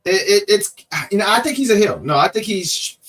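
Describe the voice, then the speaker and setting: A man's voice: sits high, lively intonation, a little fast, fairly bright tone, recorded from a distance. A man co-hosting a live-streamed wrestling review, rambling and joking while he reads chat comments aloud, working through a cough. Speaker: co-host of a wrestling review show.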